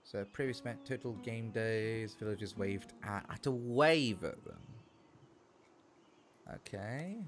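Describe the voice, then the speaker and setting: A man streaming a farming game, chatting casually, joking and rambling with sudden loud outbursts. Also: lowish voice, slow pace. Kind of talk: casual gameplay livestream chat. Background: faint background music.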